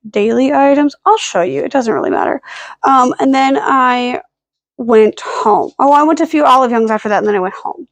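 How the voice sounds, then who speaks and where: A woman with a fairly high voice rambles through a casual home vlog, peppering every thought with "like" and "um" and making wry jokes at her own expense. The sound is dry and close, with no room echo. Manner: rambling, self-deprecating, with frequent "like" and "um" fillers. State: hiccuping and burping. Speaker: vlogger. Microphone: camera held at arm's length.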